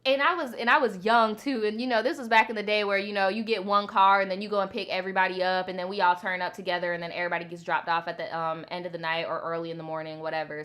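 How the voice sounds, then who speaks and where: Bright, animated storytime host woman. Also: medium pitch, fast. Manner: animated, profane, laughing reactions. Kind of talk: casual storytime commentary.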